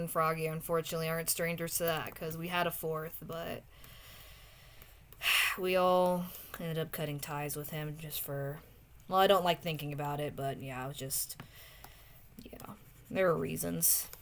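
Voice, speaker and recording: A young woman streamer chatting casually with viewers while drawing, often trailing off into soft muttering to herself as she works. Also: low voice, steady tone, a little slow, pauses often, a little hiss or hum. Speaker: streamer drawing art requests.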